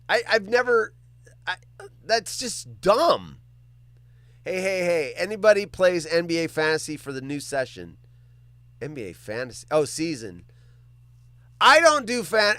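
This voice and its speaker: Man, livestream host, high bright voice, animated joking chat, dry close sound. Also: no room sound. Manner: animated, joking, swears freely. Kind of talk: casual chat reading viewer comments.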